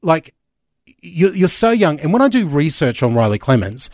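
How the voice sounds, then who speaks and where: A man's voice: on the high side, sing-song, normal speed, dry recording. Australian male breakfast radio host, chatty and enthusiastic, dry studio sound. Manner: enthusiastic, chatty, many fillers and restarts. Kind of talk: upbeat radio chat and interview. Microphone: studio microphone.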